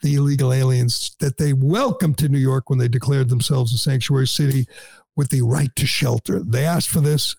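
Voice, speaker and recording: Radio host guy, mocking and sarcastic, dark husky voice, dry close sound. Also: mid-range voice, fairly even intonation, normal speed, no room sound. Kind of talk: opinionated talk radio commentary.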